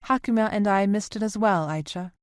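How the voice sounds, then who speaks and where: A woman voicing a gentle, somewhat nervous motherly woman speaking earnestly, in an audiobook. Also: mid-range voice, brisk, dry recording, studio quality, lightly acted.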